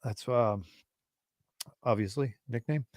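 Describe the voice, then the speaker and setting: A man in his forties hosting a livestream, telling a rambling, profane story in a casual, animated way. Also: medium pitch, slow pace, no room sound, clean studio sound. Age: 40s. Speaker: livestream host.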